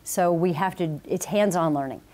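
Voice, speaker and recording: Low, mellow-voiced female professor. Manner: explanatory, measured, confident. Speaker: business professor, guest. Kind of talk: TV interview. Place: TV studio.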